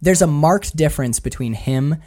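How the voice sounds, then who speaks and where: A man's voice: on the high side, animated, normal speed, warm tone. A man animatedly retelling film scenes in a casual chat, acting out quotes and swearing freely.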